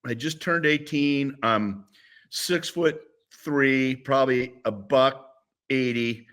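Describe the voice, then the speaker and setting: A man's voice: mid-range voice, takes it slowly. A man in his sixties, a former football player, telling stories as a guest in a casual interview. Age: 60s. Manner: animated, rambling with restarts.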